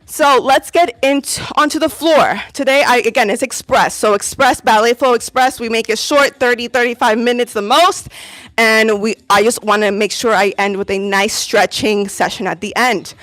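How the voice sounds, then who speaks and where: A woman's voice: a little high, normal speed, a bit bright. A woman fitness instructor coaching a live workout, upbeat and encouraging as she counts reps, a little out of breath. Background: workout music.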